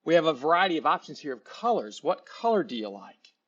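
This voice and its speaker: A man's voice: on the high side, big pitch swings, a little fast, fairly bright tone, dull audio. A man playing an eager young store clerk. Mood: polite, helpful. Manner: polite, eager, pushy when selling.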